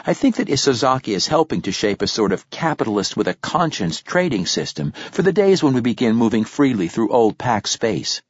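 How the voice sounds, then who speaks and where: A man reading an audiobook and voicing an upbeat, eager man who explains how things are being run, in a lively, explanatory manner. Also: medium pitch, brisk, hardly any pauses, husky, dry recording. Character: calm, upbeat man explaining a new government. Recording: dull, dry lo-fi recording.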